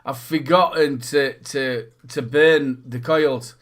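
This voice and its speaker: Bright-voiced Northern English man chatting. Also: medium pitch, fairly even intonation, slow. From Northern England. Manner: rambling, repeats words, bursts into loud mock shouting. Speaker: podcast co-host. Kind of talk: casual chat.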